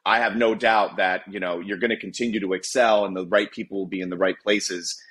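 A man's voice: low voice, fairly even intonation, brisk, a bit bright. A man hosting a casual podcast, asking long rambling questions and encouraging his guest. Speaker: podcast host.

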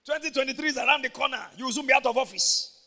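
A man with a Nigerian accent preaching an animated sermon, moving from soft talk to shouts. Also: extremely high pitch, racing, in a large hall. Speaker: pastor. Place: church.

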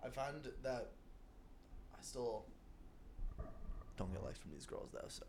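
A man's voice: mid-range voice, animated, slow, a little mellow, a little hiss or hum. A young man co-hosting a podcast in loose, giggly casual chat, swearing freely. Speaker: podcast co-host.

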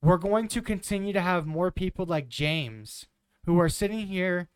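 A man's voice: high voice, expressive, normal speed, clear, resonant tone, dry recording. A man in his twenties giving blunt, sarcastic political commentary with some swearing. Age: 20s.

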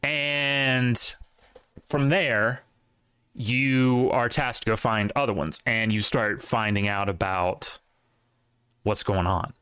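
Man, podcast co-host, rambling casual chat, medium pitch, dry close sound. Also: slow, clean tone, no echo. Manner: rambling, animated, lots of fillers and restarts.

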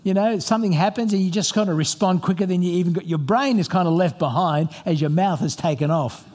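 Animated male pastor preaching. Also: high-pitched, quick pace. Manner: animated, storytelling, asks the audience questions. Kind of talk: sermon. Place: church hall before a congregation.

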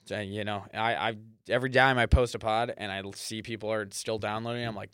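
A man's voice: on the low side, steady tone, fairly quick, fairly bright tone, smooth, no echo. A young man hosting a solo podcast, rambling and cursing freely as he drifts off topic. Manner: rambling, profane, easily sidetracked. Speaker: podcast host. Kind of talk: casual solo podcast monologue. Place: apartment or small home studio.

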